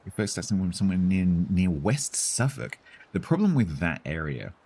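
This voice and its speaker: Very deep husky English man. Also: very animated, normal speed, darkish tone. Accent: Received Pronunciation with a London tinge. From England. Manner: chatty, hesitant, with many fillers and restarts. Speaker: streamer. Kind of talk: casual chat with viewers.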